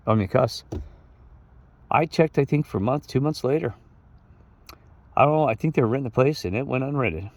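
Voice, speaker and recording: A man's voice: medium pitch, darkish tone, no room sound. A middle-aged man casually telling a long story to viewers, rambling, chuckling and quoting others with "he goes". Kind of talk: casual anecdote told to viewers.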